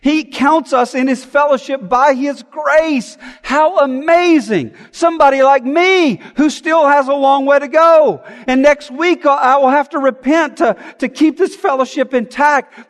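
A man's voice: very high-pitched, a little slow, few pauses, big-room sound. A man, a pastor, preaching a sermon in an earnest, emphatic way, often asking rhetorical questions.

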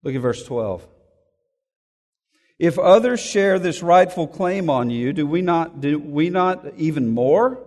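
A man's voice: fairly high pitch, expressive, slow pace, darkish tone. A man preaching an expository sermon, reading scripture aloud and explaining it verse by verse, stressing key phrases by repeating them. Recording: long hall reverb.

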